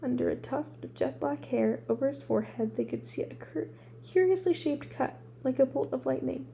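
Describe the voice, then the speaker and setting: A woman reading a storybook aloud at a steady pace, restarting a word now and then. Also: high voice, normal speed, vocal fry, slight background noise. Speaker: audiobook reader.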